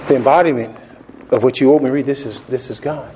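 A man preaching a sermon, animated, laughing often and repeating phrases for emphasis. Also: mid-range voice, fast, slight background noise.

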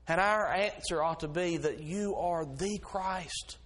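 A man's voice: on the high side, a little slow, hardly any pauses, fairly bright tone. A middle-aged man preaching a sermon as pastor, folksy in his stories and rising to fervent preaching.

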